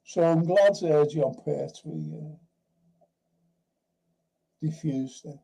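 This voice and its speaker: A male livestream host with a gravelly, very dark voice. He rambles through anecdotes in loose casual chat, swears easily and keeps circling back to restart his sentences. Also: a little high, slow pace, rough recording. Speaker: host of a film and TV review show.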